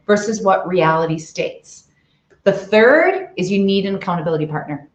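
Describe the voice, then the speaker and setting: Over roomy, dull, lo-fi video call audio, a middle-aged author and CEO coaches emphatically during a leadership interview, leaning on rhetorical questions. She talks fairly quickly in an expressive, mid-range voice.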